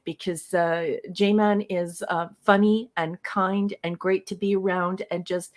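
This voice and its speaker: A woman co-hosts a relaxed livestream with a mid-pitched voice. She laughs often, sends fond greetings to viewers and cheers the host along. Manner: giggly, affectionate, cheering along. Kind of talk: casual livestream chat.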